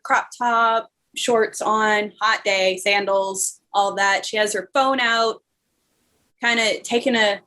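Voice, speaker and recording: A woman running a tabletop role-playing game, describing a scene in a relaxed, hesitant way full of fillers. Her voice sits at a middle pitch. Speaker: game master.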